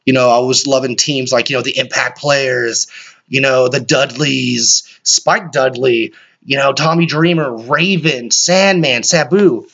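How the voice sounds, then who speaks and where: Excitable man ranting on a podcast. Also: mid-range voice, a little slow. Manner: excitable, rambling, swears often. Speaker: podcast host. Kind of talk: solo podcast rant. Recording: dull lo-fi recording.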